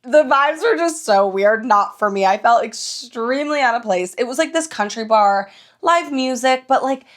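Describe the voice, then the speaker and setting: A young woman hosting her own podcast, telling stories in a casual, animated way, swearing freely and laughing often. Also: fairly high pitch, moderate pace. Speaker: podcast host. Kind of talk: casual solo podcast chat.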